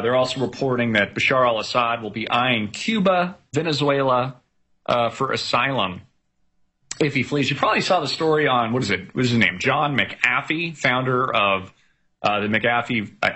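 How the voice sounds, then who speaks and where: A man's voice: medium pitch, moderate pace, bright, forceful tone. A man hosting a casual news commentary show, reading headlines aloud with many fillers and sarcastic asides.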